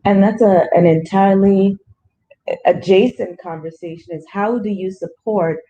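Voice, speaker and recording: A woman's voice: medium pitch, moderate pace, dull audio, a little hiss or hum. A woman leading a grief support small group, talking earnestly with everyday analogies.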